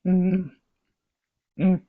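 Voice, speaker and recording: A woman's voice: on the low side, level tone, very slow. A woman with a light Southern accent, chatting casually as she cooks and tastes food in her home kitchen, humming over each bite. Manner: chatty, savoring food with hums. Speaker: cooking channel host. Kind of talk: casual cooking demonstration. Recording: dull lo-fi recording.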